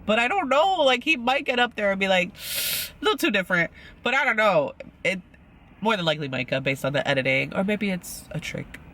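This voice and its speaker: Recapping a reality show in a chatty, rambling way, this man leans heavily on "like" and performs the quotes himself. He speaks fairly quickly in a high-sitting, animated voice with a bright, forceful tone.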